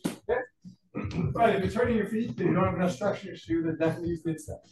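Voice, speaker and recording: A man's voice: high-pitched, quick pace. A man teaching a martial arts class, calling out combinations and checking in with his students, sounding out of breath. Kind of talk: class instruction. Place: training gym. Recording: echoey gym from far off.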